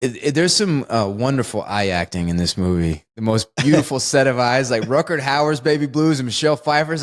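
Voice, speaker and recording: A man co-hosting a podcast, chatting casually about a film with lots of laughter and excited jumps in pitch. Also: fairly quick, few pauses. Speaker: podcast co-host. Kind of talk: casual film review chat.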